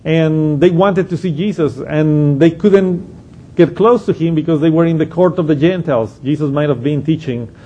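A man's voice: a little high, normal speed, mellow, husky, highs cut off. A man giving an unscripted Bible study lesson, explaining a passage step by step and thinking aloud as he goes. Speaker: Bible teacher.

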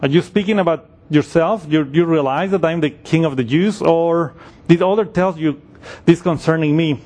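Man doing a calm king turning the question back, probing, a sermon retelling in a fairly high voice. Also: normal speed, lightly acted. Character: calm male teacher-king answering a ruler.

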